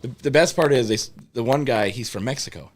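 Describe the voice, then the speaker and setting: A man's voice: mid-range voice, fast talker. A man in casual podcast chat, telling stories animatedly, swearing and acting out what people said. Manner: animated, swears a lot, acts out quotes.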